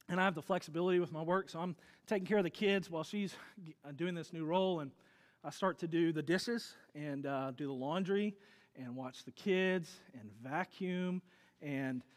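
A man in his thirties preaching a sermon as pastor, telling stories in an animated way and acting out quoted voices. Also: high-pitched, in a large hall.

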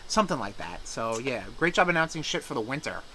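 A man's voice: medium pitch, big pitch swings, quick pace, sharp tone, slight background noise, low-quality recording. A man co-hosting a podcast, chatting casually and profanely about gaming news with loose banter. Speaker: podcast co-host.

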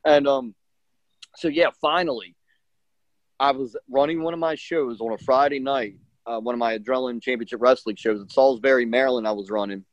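In a relaxed interview, the middle-aged wrestler talks fairly quickly in a mid-range voice, performing other people's lines and scattering fillers throughout his animated story. The recording is dry, dull and lo-fi, without room sound.

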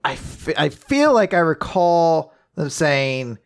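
A co-host with a mid-pitched voice talks in a casual podcast discussion. The delivery stumbles at first, then turns wry and laughing. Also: big pitch swings, slow pace, smooth.

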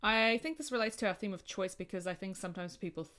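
A woman's voice: mid-range voice, fast talker, fairly bright tone. A woman with an Australian accent, co-hosting a casual book podcast, earnest and reflective. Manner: earnest, reflective, laughs easily. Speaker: podcast co-host.

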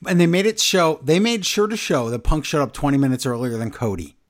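A man hosting a casual wrestling podcast, recapping the show in excited, animated bursts. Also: a little high, brisk. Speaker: podcast host.

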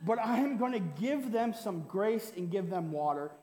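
A man voicing God as a relaxed, gracious figure who speaks in a casual, offhand way. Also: sits high, measured pace. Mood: easygoing. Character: laid-back, gracious God, male. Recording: roomy hall with long reverb.

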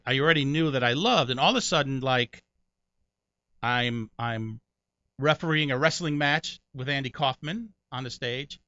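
Bright-voiced man telling stories. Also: dry recording. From Connecticut, USA. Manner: animated storyteller, jumps high doing other people's voices. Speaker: comedian guest. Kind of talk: storytelling interview. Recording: dry, muffled sound.

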